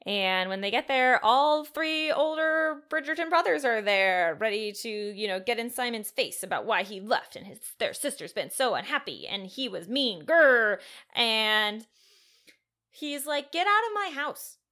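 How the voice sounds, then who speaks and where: A woman co-hosts a casual book podcast with a bright, ringing tone. She recaps the story in a chatty way and slips into reading passages aloud. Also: a little high, moderate pace, few pauses. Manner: reads book quotes aloud in a lively recap. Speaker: podcast co-host.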